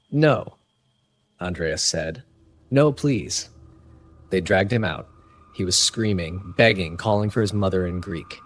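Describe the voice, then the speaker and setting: A man giving grave, measured first-person narration of a horror story. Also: low voice.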